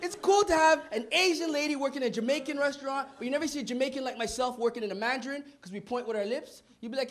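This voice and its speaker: A man from Montreal performing a stand-up comedy routine on a club stage, punchy and animated, slipping into voices. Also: very high-pitched, fast talker, hardly any pauses. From Montreal, Canada. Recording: noisy live club recording.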